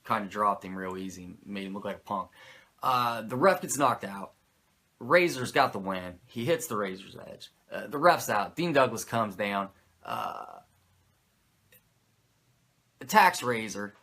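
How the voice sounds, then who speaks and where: A man's voice: fairly low pitch, animated, unhurried, pauses often, sharp tone. A man recapping an old wrestling episode in casual, rambling commentary, swearing freely and going off on tangents. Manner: rambling, profane, self-mocking. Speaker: wrestling show reviewer.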